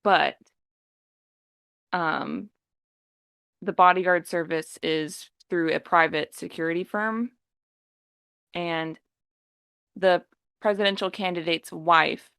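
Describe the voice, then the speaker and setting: A woman on a podcast, retelling a story in a lively, casual way and acting out the characters' lines. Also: fairly low pitch, clear, resonant tone, no echo. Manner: animated storytelling, acting out quotes. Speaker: podcast co-host.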